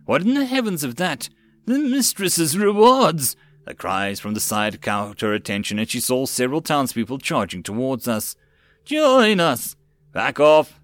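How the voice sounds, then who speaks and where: A man reading a web novel audiobook in a steady narrating voice. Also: mid-range voice, no room sound.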